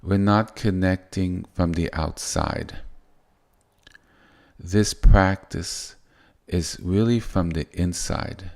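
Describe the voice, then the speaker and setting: A man giving soft-spoken, unhurried spiritual teaching, often restarting his sentences. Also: deep voice, steady tone.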